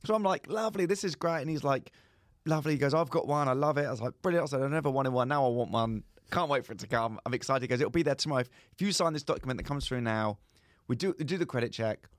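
Talking fast in a medium-pitched voice, a young man co-hosting a podcast shares a comic story, taking on both voices in phone calls. The chat is casual, with clean studio sound and no room sound.

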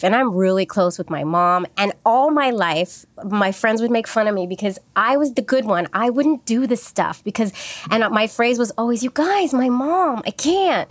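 A woman's voice: medium pitch, no echo. A woman telling a personal story in casual chat, candid and rambling, with many fillers and restarts.

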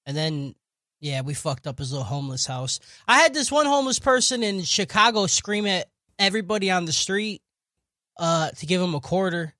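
Male podcast co-host, high and sharp, blunt profane storyteller. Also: expressive, moderate pace, no room sound, clean studio sound. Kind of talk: casual podcast chat.

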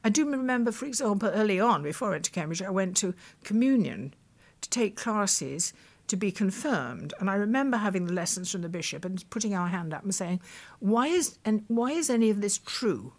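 Gravelly older woman telling stories. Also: mid-range voice, expressive, fairly quick. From United Kingdom. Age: 80s. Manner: thoughtful, with frequent restarts and quoted recollections. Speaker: guest, veteran broadcaster. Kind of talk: reflective storytelling in conversation.

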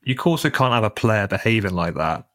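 A man's voice: fairly low pitch, lively intonation, fairly quick, a bit bright, no room sound, studio quality. A young man, a podcast co-host chatting about football in a laid-back, blunt way. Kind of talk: casual football chat.

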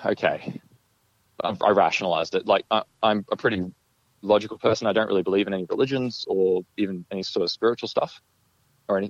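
Deep-voiced man, rambling story. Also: dry recording, highs cut off. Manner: rambling, full of "like" and "you know". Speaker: guest recounting an encounter. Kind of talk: casual first-person storytelling.

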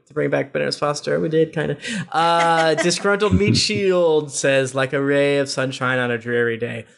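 A man hosting a podcast, reading listener reviews aloud with quick asides and laughter. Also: a little high, a bit bright. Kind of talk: casual podcast chat.

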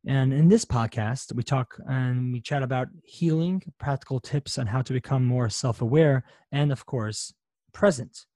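A podcast host with a warm, medium-pitched male voice speaks at a moderate pace in studio-quality audio with no room sound. He reads an upbeat, chatty intro and then talks with a guest.

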